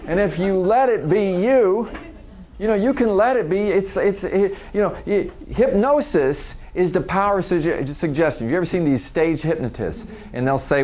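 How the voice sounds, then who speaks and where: A man's voice: fairly high pitch, lively intonation, moderate pace, darkish tone, a little hiss or hum. A middle-aged man speaking live to an audience at a workshop. He talks in a conversational way, laughs often and restarts his sentences.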